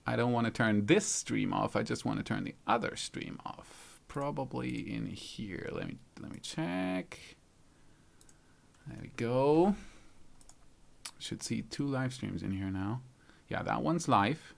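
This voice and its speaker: A man's voice: medium pitch, animated, slow pace, vocal fry. A man from Germany with a light German accent, hosting a casual live stream, thinking aloud as he fiddles with settings and reads out viewers' comments. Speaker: YouTube channel host.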